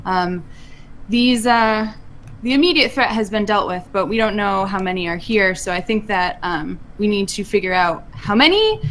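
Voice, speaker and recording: A woman's voice: medium pitch, expressive, moderate pace, a bit bright, a little hiss or hum, close to an everyday voice. A woman voicing a dutiful young woman adventurer in a tabletop game, polite and hesitant. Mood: serious.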